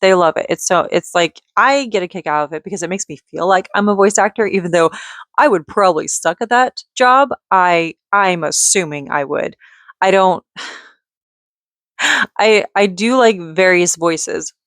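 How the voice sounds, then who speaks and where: A woman vlogging in a casual, rambling way, chatty and quick to giggle as she drifts off on tangents. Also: lowish voice, fairly bright tone, no room sound, clean studio sound. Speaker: vlogger and mother.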